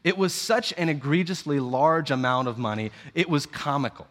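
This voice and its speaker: Male preacher, slightly high and very expressive, joking his way through a sermon; long hall reverb. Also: moderate pace. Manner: playful, animated storytelling with jokes.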